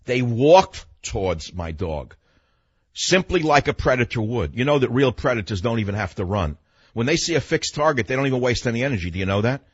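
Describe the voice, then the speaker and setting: Older man, radio host, husky, blunt and emphatic, dull lo-fi broadcast sound. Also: medium pitch, brisk, no room sound. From New York. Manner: blunt, emphatic, animated storytelling. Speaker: radio talk show host. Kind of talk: monologue storytelling.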